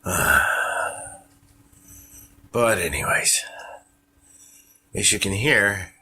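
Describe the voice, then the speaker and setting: A sick man talks through a casual solo podcast episode, short of breath and wheezing as he goes. His somewhat low voice still has a bright, forceful edge. He halts every couple of sentences to catch his breath. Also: expressive, very slow, breathy edge. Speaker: podcast host. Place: at home with a cat on him.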